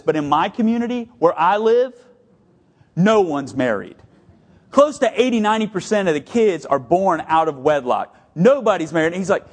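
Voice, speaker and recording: A middle-aged man preaching to his congregation in a slightly higher-than-usual voice. He tells stories at a quick clip, then slows right down to land each point with weight. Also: lively intonation. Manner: storytelling, shifts between brisk and slow emphatic delivery. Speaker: pastor. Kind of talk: sermon.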